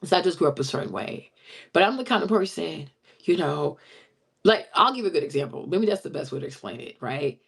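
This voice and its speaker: A woman's voice: sits low, expressive, a little fast, creaky, breathy edge. Blunt, emphatic woman vlogger. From immigrant who moved to the US as a child. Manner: blunt, emphatic, tags lines with "okay?" and "right?". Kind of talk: casual direct-to-camera talk.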